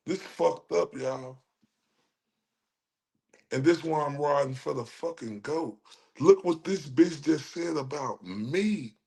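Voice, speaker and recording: A man's voice: fairly high pitch, slow, creaky. A man with a Texan accent ranting on a livestream, profane and heated, with laughing asides. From Dallas, Texas. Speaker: livestream host.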